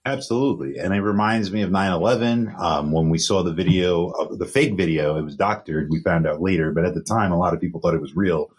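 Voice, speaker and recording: Young man, podcast co-host, lowish husky voice, earnest, repeats points. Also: fast talker, hardly any pauses. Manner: earnest, repeats himself for emphasis. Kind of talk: casual news chat.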